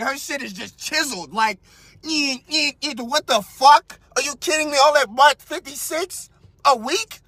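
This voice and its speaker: High, bright-voiced man ranting crudely. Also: moderate pace, dry recording. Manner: crude, loud, cracks himself up, trails into mutters. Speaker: podcast host. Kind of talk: profane comedic commentary on a read-out story.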